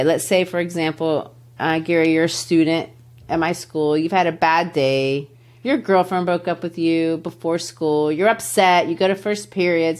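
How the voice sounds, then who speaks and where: A middle-aged woman, a literature teacher who hosts a podcast, explains a poem in conversation in an emphatic, teacherly way, slowing down and speeding up to stress her points. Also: lowish voice. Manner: teacherly, emphatic, shifts pace to stress words.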